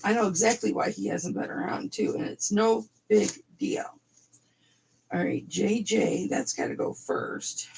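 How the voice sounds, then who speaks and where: A woman hosting a casual live selling stream, hoarse and raspy, chatty and a bit raunchy as she reads off names. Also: mid-range voice, a little slow, a little mellow, slight background noise, poor audio. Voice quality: raspy throat. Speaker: live-sale host.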